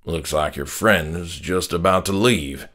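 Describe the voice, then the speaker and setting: A man voicing a selfish, rude middle-aged father who speaks in a slow Southern country drawl and sneers dismissively. The voice is lowish and brushes people off. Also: lively intonation, fairly bright tone. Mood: sneering.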